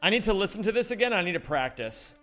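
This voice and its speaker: Lively young male streamer with playful banter. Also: high voice, fast, faint music behind. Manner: animated, rambling, jokey banter. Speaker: livestreamer. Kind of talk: casual chat with viewers during a gaming stream.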